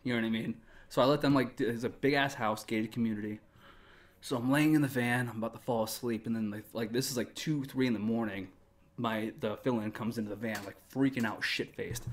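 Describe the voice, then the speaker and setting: Rambling guest telling a tour story. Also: male voice, medium pitch, steady tone, fairly quick. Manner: rambling, profane, lots of "like" fillers. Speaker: podcast guest, former band member. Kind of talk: casual storytelling.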